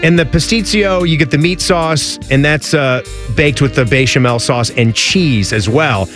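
A man's voice: a little high, moderate pace, fairly bright tone, soft background music. A man co-hosting a radio talk show, describing things with eager enthusiasm and a rambling, filler-heavy way of talking. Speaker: radio co-host. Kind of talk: casual radio banter.

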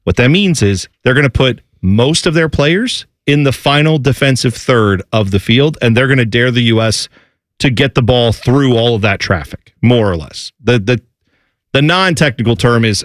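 A man hosts a casual sports talk show, explaining the game in a chatty, teaching way and throwing in jokes. His pitch swings widely as he talks. The sound is dry, with no room echo. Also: expressive, normal speed. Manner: chatty, explanatory, jokey asides.

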